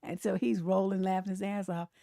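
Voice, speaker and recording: Sassy host, woman, gravelly and fairly high, animated meme commentary, dry close mic. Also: a little fast, no room sound. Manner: animated, sassy, laughs often, mimics grumpy voices. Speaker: relationship coach and show host. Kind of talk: casual live-stream commentary reading memes.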